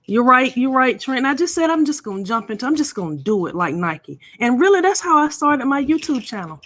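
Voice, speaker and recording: A woman's voice: high voice, very animated, fairly quick, fairly bright tone, dry recording. Middle-aged lady chatting on her live stream, playful and teasing, talks right to the viewers. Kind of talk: casual live stream chat.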